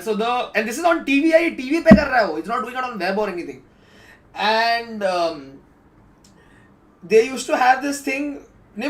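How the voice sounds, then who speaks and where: A man with an Indian English accent talks through clips at a breakneck clip, chatty and explaining. His voice sits high for a man, switching languages mid-sentence in relaxed commentary. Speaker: reaction video host. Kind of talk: casual commentary mixing two languages.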